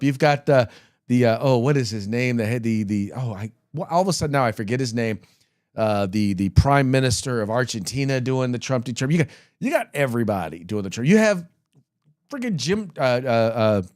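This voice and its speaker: A man hosting a political talk show, chatting loosely and searching for words, then reading the sponsors briskly. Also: mid-range voice, dry recording, studio quality. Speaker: podcast host. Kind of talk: casual political commentary.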